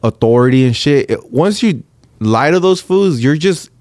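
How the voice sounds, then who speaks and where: Male co-host, mid pitch, skeptical and reasoning, dry close mic. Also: lively intonation, normal speed, darkish tone, dry recording. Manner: skeptical, lays out his reasoning, swears. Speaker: podcast co-host. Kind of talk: casual chat.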